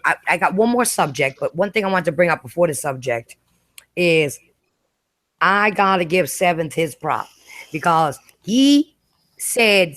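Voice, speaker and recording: A woman's voice: on the low side, dry recording. Blunt, easygoing woman hosting a podcast. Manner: blunt and relaxed, curses freely. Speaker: podcast host. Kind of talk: casual podcast chat.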